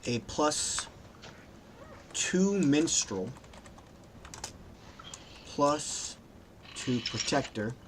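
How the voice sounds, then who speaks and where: Casual game master with typing behind. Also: male voice, a little high, lively intonation, very slow, long pauses, noisy background. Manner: casual, thinking aloud while typing. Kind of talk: narrating a tabletop game.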